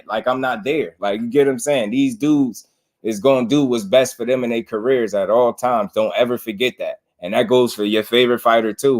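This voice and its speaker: A man hosting a casual boxing commentary stream. He talks straight to his viewers, laughs often and mocks critics in put-on voices. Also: medium pitch. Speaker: boxing commentator and channel host.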